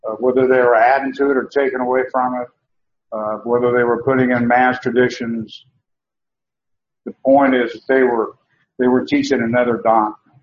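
A man's voice: medium pitch, flat delivery, normal speed, slight background noise. A man preaching a sermon emphatically, repeating words and restarting as he drives his point home. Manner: emphatic, repetitive, with many restarts and fillers. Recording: dull, roomy sound.

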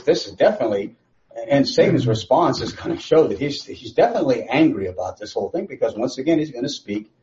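A man leading a relaxed Bible study, his pitch swooping up and down as he presses a point with rhetorical questions. His voice is mellow and a little high for a man. The recording sounds dull and lo-fi. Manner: emphatic, rhetorical questions, repeats phrases. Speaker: Bible teacher.

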